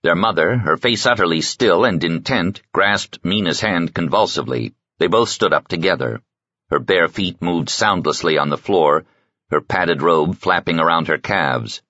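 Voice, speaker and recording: A man narrating an audiobook in a steady, measured storytelling voice. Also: low voice, no echo, lo-fi sound. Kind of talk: scripted narration.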